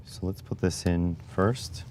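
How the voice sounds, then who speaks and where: A man's voice: low voice, steady tone, a little slow, darkish tone, slight background noise. A man hosting a casual livestream, thinking aloud step by step as he works, with wry asides to his viewers. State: recovering back injury. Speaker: livestream host. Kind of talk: casual livestream chat while tinkering.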